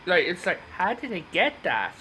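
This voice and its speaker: High, bright-voiced man rambling about a movie. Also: moderate pace, husky, low-quality recording. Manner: rambling, animated storytelling. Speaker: podcast host. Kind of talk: casual movie discussion.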